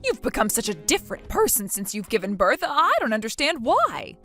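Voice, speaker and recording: An indignant mother-in-law , as a woman reads her part scolds with accusing, rising outbursts. Her fairly high voice swings widely in pitch. Faint music sits behind the text message story. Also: huge pitch swings, a little fast, pushed and bright, exaggerated voice. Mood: scolding.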